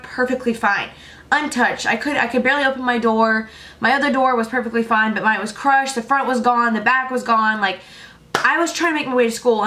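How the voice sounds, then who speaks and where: A teenage girl vlogging at home late at night, her voice sitting a little high. She rambles through her stories in a breathless, casual way and leans on filler words. The feel is a personal chat straight to the camera. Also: fairly bright tone. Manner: chatty, filler-heavy, breathless retelling.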